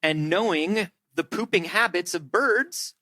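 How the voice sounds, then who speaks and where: A man co-hosting a comedy podcast, chatting casually and often breaking into goofy put-on voices. His voice sits a little high for a man. It is recorded close and dry, with no room sound. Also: unhurried, pushed and bright, dry recording. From Florida. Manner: jokey, breaks into silly character voices. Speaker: podcast co-host.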